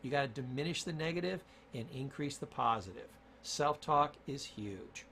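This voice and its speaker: A man's voice: medium pitch, animated, normal speed, vocal fry, bright, forceful tone, slight background noise. A man giving an emphatic motivational lesson on self-talk and word choice, repeating key points for stress. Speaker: communication coach.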